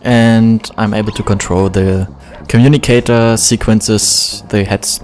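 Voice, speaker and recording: A man from Germany with a German accent, giving relaxed, self-deprecating commentary while playing a video game. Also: lowish voice, measured pace, faint music behind. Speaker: let's play gamer. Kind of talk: casual gameplay commentary.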